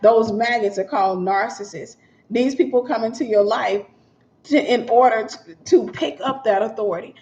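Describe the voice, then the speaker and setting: Woman teaching a sermon, kinda high voice, chatty, repeats herself for emphasis, dull lo-fi audio. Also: normal speed, a little mellow. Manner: conversational, repeats key points, acts out scenes. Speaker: minister and teacher. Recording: dull lo-fi sound.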